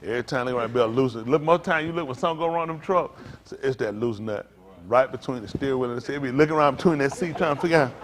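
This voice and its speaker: A middle-aged male pastor preaches to his congregation at a racing pace in a medium-pitched voice. He rambles through folksy stories and suddenly jumps into loud emphasis.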